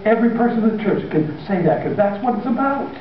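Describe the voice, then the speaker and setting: Impassioned preacher in an echoing hall. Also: male voice, high voice, expressive, quick pace, a little hiss or hum. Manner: impassioned, emphatic, repetitive. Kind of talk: sermon. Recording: echoey hall from far off, dull.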